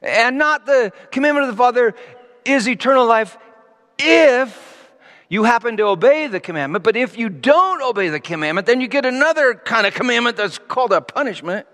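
Male preacher, high and lively, shifting from booming emphasis to hushed asides, heard with long reverb in a big hall. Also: a little fast. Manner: animated, swinging from loud emphasis to quiet asides. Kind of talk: sermon with Bible teaching.

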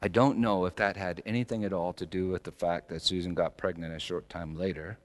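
A middle-aged male pastor preaching a sermon, swinging between loud emphatic lines and soft, low asides. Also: fairly even intonation, fairly quick.

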